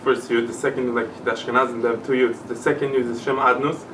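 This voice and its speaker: A man's voice: medium pitch, flat delivery, fast talker. A man in a class explaining a point eagerly, thinking aloud. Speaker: class participant. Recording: distant mic in a noisy room.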